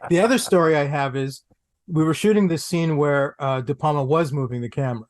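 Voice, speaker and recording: A man, an actor guest on a podcast, telling anecdotes in an animated way, repeating phrases for comic effect. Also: a little high, fairly quick. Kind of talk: anecdotal storytelling.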